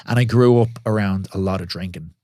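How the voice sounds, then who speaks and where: A man who is a guest on a podcast, talking candidly in quick bursts with lots of swearing and restarts. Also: low-pitched, mellow, no room sound, clean studio sound. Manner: swears freely, tells stories in quick bursts with many restarts. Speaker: podcast guest, pro wrestler and gym owner. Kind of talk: candid casual podcast chat.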